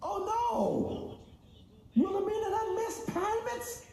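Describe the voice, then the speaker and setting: A man putting on a whiny, frantic high-voiced customer. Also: very animated, slow pace, vocal fry, warm tone, exaggerated voice. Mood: exasperated. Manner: exasperated, whining. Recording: echoey room.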